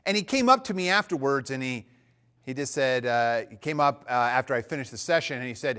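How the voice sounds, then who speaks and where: A man's voice: mid-range voice, fairly quick, smooth. A man giving a teaching talk at church, telling personal stories in a conversational way with many fillers and restarts. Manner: animated storyteller.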